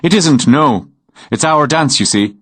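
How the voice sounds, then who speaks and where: A man's voice: fairly high pitch, expressive, unhurried, a bit bright, pitched above the performer's own voice. A man voicing a friendly Irish farmer of about thirty, speaking in an easygoing, teasing West Country brogue.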